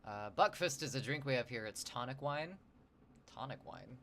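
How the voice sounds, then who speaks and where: A man's voice: mid-range voice, animated, a little fast, pushed and bright, a little hiss or hum. A man streaming his drawing session, rambling and joking with his chat. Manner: rambling, jokey, talks to chat. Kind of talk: casual livestream chat while sketching.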